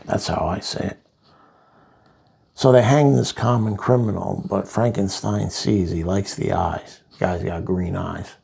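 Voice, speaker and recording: Gravelly man reviewing comics. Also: sits low, a little slow, a little mellow. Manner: rambling, retells the plot with asides.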